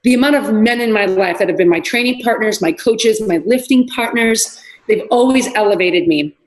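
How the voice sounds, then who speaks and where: A middle-aged woman, a fitness trainer, telling lively stories in a casual podcast chat and acting out what people said. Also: fairly high pitch, moderate pace, low-quality recording. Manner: animated storyteller, acts out quotes.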